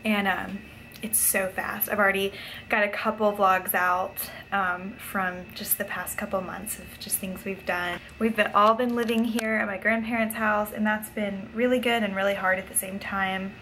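A woman's voice: medium pitch, fairly even intonation, normal speed, sharp tone, slight background noise, rough recording. A young woman chatting casually in a video blog, talking with frequent fillers. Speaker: vlogger. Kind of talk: casual vlog chat.

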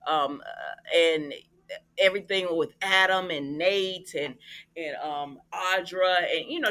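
A woman's voice: on the low side, bright, forceful tone. A woman, recapping a soap opera in a chatty way and addressing her viewers with exasperated asides. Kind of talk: casual recap monologue.

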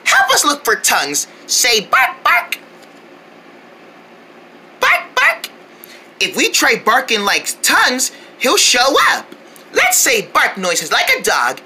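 Cartoon big sister voiced by a woman, cheerful and encouraging, bright tone, unhurried pace. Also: fairly high pitch, huge pitch swings, slight background noise. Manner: cheerful, coaxing the audience. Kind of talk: children's cartoon, talking to viewers.

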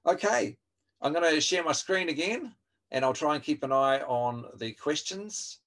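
A man's voice: fairly high pitch, lively intonation, normal speed, fairly bright tone. A man training a group over a video call, talking in a friendly, chatty way with many fillers and restarts. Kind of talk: online webinar teaching. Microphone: video call microphone.

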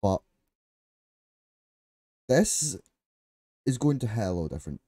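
A man's voice: mid-range voice, takes it slowly, pauses often, husky, dry recording, studio quality. A man streaming a game live, chatting casually with his viewers, laughing often and swearing freely. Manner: excitable and chatty.

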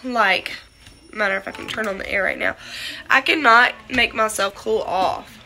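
A woman's voice: a little high, moderate pace, pushed and bright, slight background noise. A young woman, sick and congested, rambling in a scattered way with many fillers in a casual vlog from her trailer. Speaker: vlogger. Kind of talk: casual talk to camera. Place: small trailer indoors.

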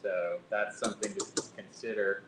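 A man's voice: steady tone, normal speed. A man hosting a live cooking demonstration, reading recipe steps aloud and chatting casually as he plates food. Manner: chatty, self-correcting, reads recipe aloud. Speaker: cooking show host. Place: library kitchen room. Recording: echoey kitchen with faint rumble.

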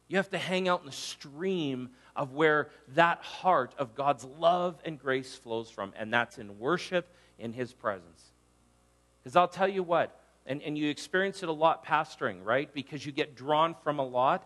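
A middle-aged man, a pastor, preaching a conversational sermon and acting out little scenes in livelier voices. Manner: conversational, animated, acts out quotes in higher voices.

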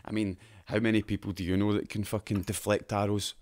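A brisk, lowish, slightly mellow male voice with little pitch movement and slight background noise. He's a Scottish podcast host casually talking games and shows with friends, swearing, laughing often and bantering.

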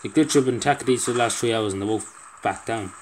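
A man talks through a video game in a casual commentary, sounding fed up, begging and swearing freely. His voice sits at an ordinary middle pitch. A steady hiss runs under the recording. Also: very fast. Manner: exasperated, pleading, swears often. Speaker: gameplay commentator. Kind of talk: casual let's-play commentary.

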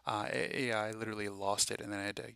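A man hosting a casual religious monologue, rambling and excited, often preachy, with many fillers and restarts. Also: fairly low pitch, very fast, vocal fry, clean tone, no echo. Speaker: Christian prophecy video host.

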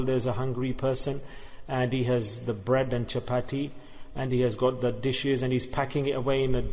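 A man's voice: mid-range voice, a little mellow. A man from the UK giving an earnest religious sermon, repeating his points and acting out small parables. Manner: earnest and repetitive, voicing people in little parables. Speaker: sheikh giving a religious talk. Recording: long hall reverb.

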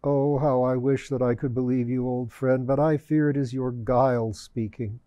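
Male narrator doing a weary, grieving old bishop, halting and sorrowful, warm low-key tone. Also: fairly even intonation, no echo, muffled recording, close to an everyday voice.

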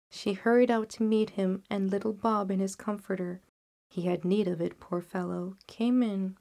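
Woman storyteller, mid pitch, hushed and soft. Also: steady tone, moderate pace. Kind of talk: audiobook narration.

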